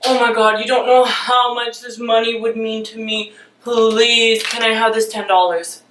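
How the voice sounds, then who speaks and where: A woman's voice: on the high side, level tone, measured pace, fairly bright tone, slight background noise. A woman voicing a whiny young man who pleads over and over for cash, acting out a scene in a vlog. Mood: pleading. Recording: roomy, mic at a distance.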